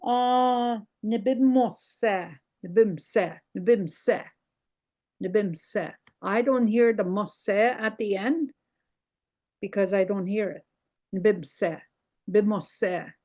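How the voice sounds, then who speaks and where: An older woman teaching a language lesson over a video call, repeating words slowly and explaining how they sound. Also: mid-range voice, darkish tone. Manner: slow, repeats words carefully, explaining pronunciation.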